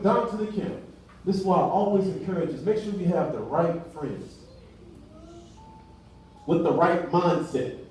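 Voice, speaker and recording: High-voiced preacher in an echoey hall. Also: male voice, slight background noise. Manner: animated preaching in a casual, colloquial way, acting out dialogue. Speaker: pastor. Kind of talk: sermon. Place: church hall. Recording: echoey room from far off the mic.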